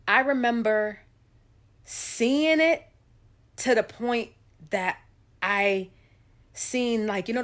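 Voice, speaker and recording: A woman singer telling a story to her viewers in a casual, chatty way, acting out the voices of the people in it. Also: lowish voice.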